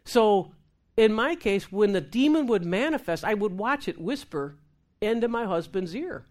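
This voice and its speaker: A woman minister telling a lively testimony in conversation, acting out the voices of the people in her story and laughing as she goes. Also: medium pitch, normal speed. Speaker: Christian minister. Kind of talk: testimony talk show conversation.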